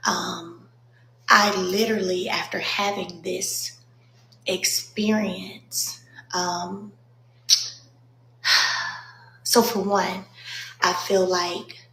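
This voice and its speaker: A woman sharing a personal testimony with her followers, speaking slowly and earnestly, with many pauses and fillers, emotional and holding back tears. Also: fairly low pitch, fairly even intonation, a bit bright, echoey room, slight background noise, poor audio. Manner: slow, halting, earnest, many pauses and ums. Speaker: faith vlogger.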